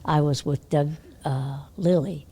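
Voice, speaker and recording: An older woman telling horse-show stories in a casual interview, animated, laughing often and dropping to a hush when she quotes herself. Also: low voice, a little slow, slight background noise. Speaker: interview guest, horse trainer.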